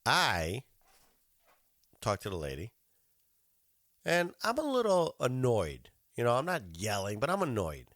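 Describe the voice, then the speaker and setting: A man's voice: mid-range voice, huge pitch swings, a little slow, long pauses, fairly bright tone, no room sound, studio quality. A man hosting a podcast, telling an annoyed story in a casual, profane rant and acting out both sides of his phone calls. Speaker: podcast host.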